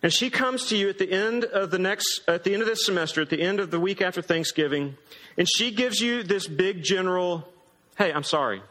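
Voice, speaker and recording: A man's voice: sits high, lively intonation, a little fast, bright, forceful tone. A man pastor preaching a sermon in a conversational, emphatic way. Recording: long hall reverb.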